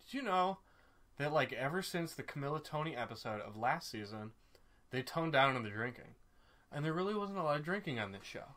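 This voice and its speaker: A man co-hosting a podcast, recapping reality TV in casual, profane, gossipy chat that gets excitable. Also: a little high, brisk. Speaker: podcast co-host.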